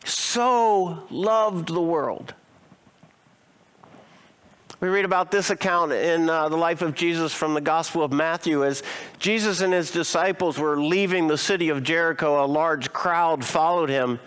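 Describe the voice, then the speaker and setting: A male pastor preaching a sermon expressively, asking his listeners rhetorical questions and slowing down to stress key phrases. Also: fairly high pitch, steady tone, a bit bright, clear, resonant tone.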